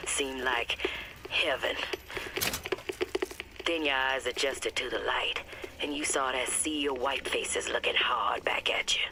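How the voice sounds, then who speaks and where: A weary, half-whispering storyteller. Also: male voice, medium pitch. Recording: faint game audio under heavy noise.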